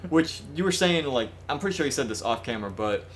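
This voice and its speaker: A man's voice: mid-range voice, fast talker, a little hiss or hum. A man co-hosting a let's play, casually chatting, exasperated and prone to swearing. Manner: excitable, exasperated, swears and reads dialogue aloud. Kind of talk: casual gameplay commentary.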